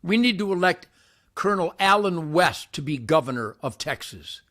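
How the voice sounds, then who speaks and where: An older man hosting his own show, ranting boastfully to camera by a campfire outdoors, with wild swings between shouting and muttering. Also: lively intonation, moderate pace. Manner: brash, boastful, loud swings in pitch and volume.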